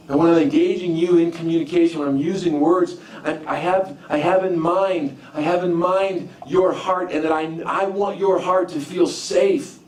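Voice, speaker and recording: A man's voice: on the high side, a little mellow, slight background noise. A man preaching a conversational sermon, repeating and restarting phrases as he tells personal stories. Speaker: pastor. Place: church sanctuary. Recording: echoey room from far off.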